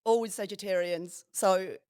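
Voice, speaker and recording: A woman of Filipino background, a padel player answering quick questions as a podcast guest, cheeky and laughing as she tells stories. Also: medium pitch, clear, resonant tone, dry recording, clean studio sound. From Philippines. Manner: cheeky, laughing, animated storytelling. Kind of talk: rapid-fire question interview.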